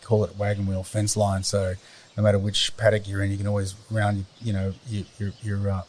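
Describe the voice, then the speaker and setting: Australian man, low voice, rambling. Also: completely flat delivery, a little fast, a little mellow, a little hiss or hum. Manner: rambling, searching for words. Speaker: guest. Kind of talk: casual conversation.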